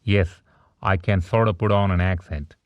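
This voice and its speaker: A polite, eager young man in an audiobook, a touch hesitant, in a deep voice a man narrator gives him. Dry, close sound. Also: steady tone, normal speed, no room sound, lo-fi sound. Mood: earnest. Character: eager young male new hire. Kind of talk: audiobook character voice.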